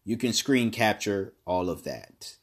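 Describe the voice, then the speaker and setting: A man giving casual opinion commentary alone, halting and repeating words, then pressing his points with emphasis. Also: fairly low pitch, animated, breathy edge.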